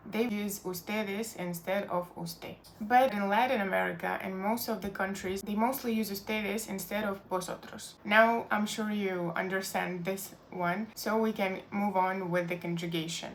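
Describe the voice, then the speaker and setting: Patient woman teaching with slight gravel. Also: medium pitch, slight background noise. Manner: patient, explanatory, with fillers like "like". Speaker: Spanish teacher. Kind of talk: online language lesson.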